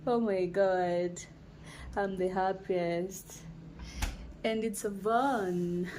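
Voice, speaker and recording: A woman's voice: mid-range voice, extremely slow, slight background noise. A young woman with a Kenyan accent, gushing and laughing as she chats casually in a home vlog. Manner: excited, gushing, laughs often. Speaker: vlogger. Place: home sitting room.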